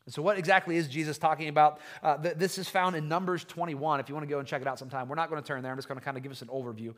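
A man preaching a conversational sermon as pastor, retelling a story in an animated way with frequent restarts. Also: fairly high pitch, rapid-fire.

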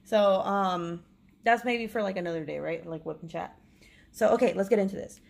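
A woman's voice: medium pitch, normal speed, gravelly, a little mellow. A woman in her thirties, a crafting vlogger, chatting casually and rambling through family stories while unboxing a kit. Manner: rambling storyteller, chatty, laughs often.

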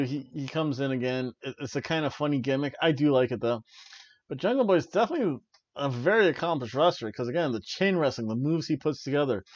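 A man casually reviewing wrestling as a podcast co-host, with an enthusiastic, rambling delivery full of restarts. His pitch sits in the ordinary middle range. The recording is dry and a bit dull. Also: darkish tone, no room sound. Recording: dry, slightly muffled home recording.

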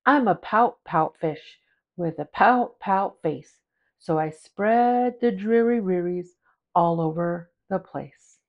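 A woman voicing a glum, pouting male fish in a storybook, speaking in a slow, gloomy sing-song rhyme. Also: fairly low pitch, muffled recording.

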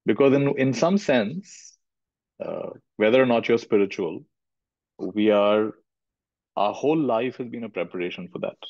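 A man's voice: on the low side, a little mellow, dry recording. A middle-aged man from India, giving a thoughtful spiritual talk as a teacher and repeating phrases for emphasis. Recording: dull lo-fi recording.

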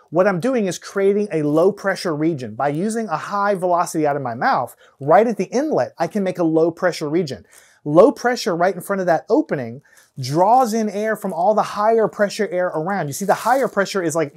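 A man teaching physics, explaining hands-on demonstrations step by step and counting down before each one. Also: a little high. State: out of breath at times from blowing. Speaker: science teacher.

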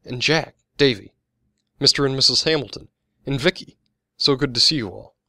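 A man's voice: low voice, fairly even intonation, normal speed, vocal fry, bright, forceful tone, no room sound, clean studio sound, heavily acted. A man doing a polite young soldier. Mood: polite, surprised.

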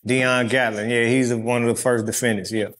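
A man guest in an interview, telling stories in a casual, animated and profane way and acting out quotes. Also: medium pitch, moderate pace. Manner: animated, profane street talk, acts out quotes.

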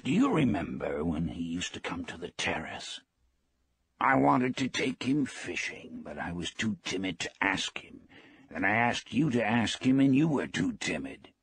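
A man reading a gentle old fisherman. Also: sits low, sing-song, unhurried, gravelly, husky, voice pushed up, full character voice. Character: poor old male fisherman, gentle, proud. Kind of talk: audiobook reading.

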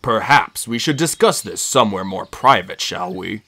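A narrator voicing an old male centaur teacher in an audiobook, slow, solemn and measured. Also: medium pitch, expressive, a bit bright. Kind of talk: audiobook character voice.

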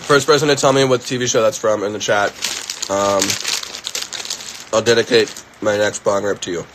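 A man's voice: on the low side, fairly even intonation, normal speed, noisy background. A young man with a Philadelphia accent chatting casually and joking on a livestream, a little stuffy in the sinuses. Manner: rambling, joking, laid-back.

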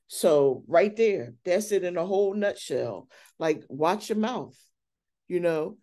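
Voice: medium pitch, animated, slow, mellow. A church elder speaking earnestly and candidly in a casual Bible study, often restarting sentences.

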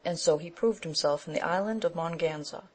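A woman narrating an audiobook of an old romance in a steady, measured reading. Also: low-pitched, low-quality recording. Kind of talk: scripted narration.

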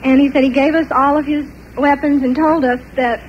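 An older woman telling a personal story in an animated way, often laughing between parts of it. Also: sits high, brisk, highs cut off, slight background noise. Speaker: testimony speaker.

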